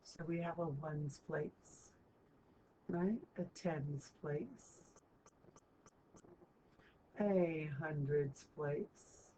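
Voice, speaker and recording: A woman's voice: deep voice, very slow, long pauses, dark tone. A woman teacher walking students through a math lesson, chatty and checking in with them often. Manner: chatty, keeps checking in with "right?". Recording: muffled lo-fi recording, faint hiss.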